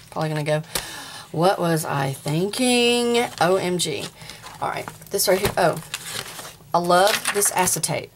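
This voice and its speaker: A woman's voice: deep voice, creaky, background noise. A woman in her forties with a Southern US accent, chatting casually as she shows off a handmade craft journal and talks straight to viewers. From American South. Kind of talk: casual show-and-tell vlog.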